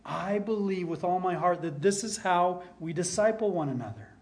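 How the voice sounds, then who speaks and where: At a moderate pace and in a high voice, a man preaches earnestly as pastor. He repeats key lines to stress them and sometimes drops to a soft hush.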